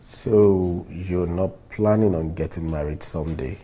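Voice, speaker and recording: A man playing a happily engaged office worker, speaking in a calm, mild way. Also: sits low, a little slow. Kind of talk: film acting.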